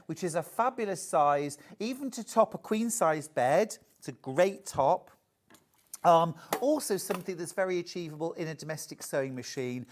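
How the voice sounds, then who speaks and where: A woman presenting a live sewing sales show, chatty and bubbly, reading out viewer messages between product pitches. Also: a little mellow. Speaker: shopping channel presenter. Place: TV studio.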